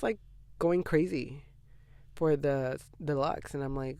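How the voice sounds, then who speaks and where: A man's voice: fairly high pitch, measured pace, vocal fry, a little mellow, smooth, no echo. A nineteen-year-old man hosting a podcast, chatting casually in a gossipy, dramatic way with lots of "like". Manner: gossipy and dramatic, heavy use of "like". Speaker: podcast host. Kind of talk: casual chat.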